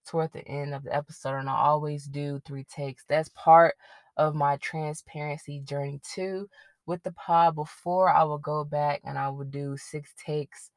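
A woman's voice: low voice, fairly even intonation, normal speed, no echo. A young woman hosting her own podcast, chatting casually and rambling a little, with the odd stumble over her words. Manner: conversational, rambling, admits getting tongue-tied. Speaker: podcast host. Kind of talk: casual solo podcast commentary.

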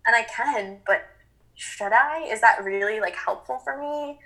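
Woman, bright clear tone, earnest, reflective, fillers, casual spiritual chat. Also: fairly high pitch, measured pace, rough recording.

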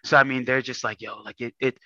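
A man's voice: mid-range voice, quick pace, no room sound, highs cut off. A man talking casually as a podcast guest, telling family stories with lots of fillers. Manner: storytelling, animated with frequent fillers. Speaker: guest athlete.

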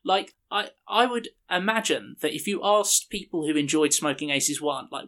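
A man's voice: a little high, animated, moderate pace, few pauses, a bit bright. A man co-hosting a casual film review podcast, delivering wry, dry put-downs. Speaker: podcast co-host.

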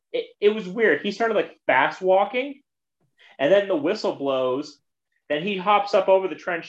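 Rambling man retelling a movie, muffled. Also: fairly high pitch. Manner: rambling, retelling scenes with quoted voices. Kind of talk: casual movie discussion.

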